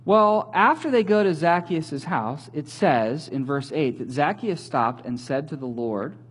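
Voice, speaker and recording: A man giving a sermon as a pastor, telling the story in a conversational, animated way with light humor. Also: on the high side, a little slow, breathy edge.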